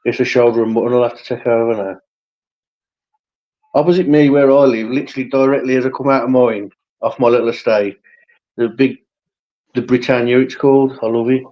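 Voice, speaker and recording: A man's voice: medium pitch, fairly even intonation, fairly quick, pauses often. A man, telling rambling anecdotes in casual chat and swearing freely. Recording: dull lo-fi stream audio.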